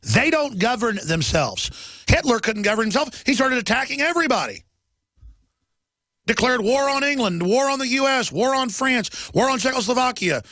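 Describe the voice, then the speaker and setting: A middle-aged man with a gravelly, bright voice fires off a heated political radio monologue, hammering his points with emphatic repetition. His delivery sits a little high and sounds dry and close to the mic. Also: sing-song, moderate pace, dry recording. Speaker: radio talk show host.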